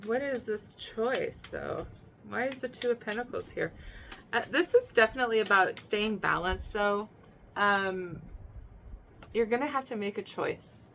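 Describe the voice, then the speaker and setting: A woman's voice: mid-range voice, measured pace, vocal fry, a little hiss or hum. A woman giving a casual spoken tarot reading in a chatty, emphatic way, repeating herself, with many fillers and restarts. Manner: emphatic, swings to loud excited bursts. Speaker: tarot reader.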